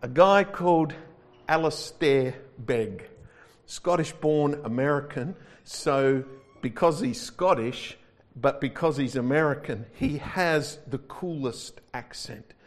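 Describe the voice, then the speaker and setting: A man's voice: on the high side, animated, slow pace. A male pastor preaching a sermon in a conversational, wry manner, stretching words for emphasis.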